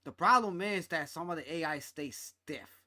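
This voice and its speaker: Loud, excitable high-voiced male streamer. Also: moderate pace, no echo. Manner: loud, excitable and profane, laughs often. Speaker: streamer hosting a game stream. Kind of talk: casual gaming chat.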